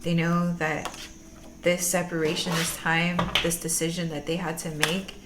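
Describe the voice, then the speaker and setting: A woman's voice: fairly low pitch, flat delivery, a little slow, noisy background. A woman giving a casual tarot reading, gushing and teary-eyed, laughing often and using slang. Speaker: tarot reader.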